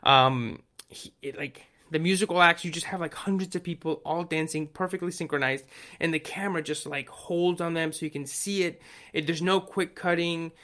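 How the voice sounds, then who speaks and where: Podcast co-host, male, bright and forceful tone, rambling and excitable. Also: fairly high pitch, normal speed. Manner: rambling, excitable, lots of fillers and restarts. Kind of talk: casual chat.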